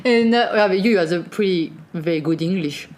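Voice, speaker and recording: French woman co-host, halting English, lots of fillers. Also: fairly low pitch, darkish tone. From France. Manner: hesitant, searching for words with many fillers. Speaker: podcast co-host. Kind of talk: casual podcast chat.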